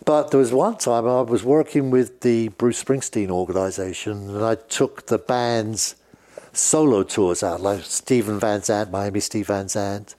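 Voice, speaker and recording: A man's voice: lowish voice, steady tone, a little slow, mellow. An older man from England with a British accent, telling long, rambling stories about his years on the road as a guest in a casual chat. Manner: rambling anecdotes with frequent restarts. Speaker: guest, former road manager and sound engineer. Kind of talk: casual storytelling.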